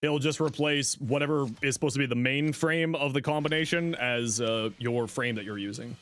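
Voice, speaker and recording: A man's voice: medium pitch, moderate pace, fairly bright tone. A young Canadian man with a Canadian accent, chatting casually on a game livestream, swearing freely and laughing often. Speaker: game streamer.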